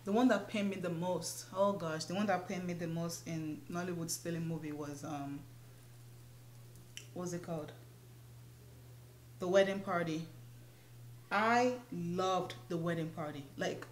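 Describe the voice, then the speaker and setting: A woman's voice: fairly low pitch, echoey room, a little hiss or hum. A young woman chatting casually while doing her makeup, laughing often. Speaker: beauty vlogger. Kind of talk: casual get-ready-with-me chat.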